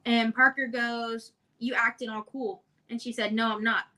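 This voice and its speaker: A woman's voice: a little high, flat delivery, normal speed, pushed and bright, low-quality recording. A woman co-hosting a casual discussion, recounting text messages with lots of "and then she goes". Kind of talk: casual discussion, reading texts aloud.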